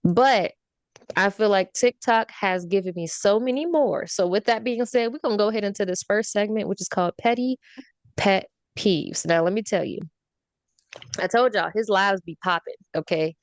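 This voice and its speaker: A woman's voice: medium pitch, moderate pace, no room sound. Laughing woman host ranting, dry sound. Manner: animated ranting, laughs often. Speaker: podcast host. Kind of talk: casual podcast chat.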